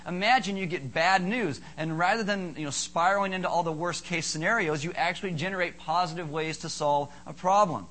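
Bright-voiced male pastor preaching. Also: fairly quick, few pauses, rough recording. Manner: animated, acts out panicky bystanders in high squeals. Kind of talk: sermon.

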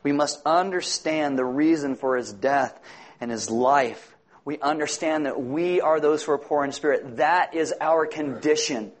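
A man's voice: on the high side, unhurried. A man preaching a sermon, earnest and emphatic, quoting scripture as a pastor.

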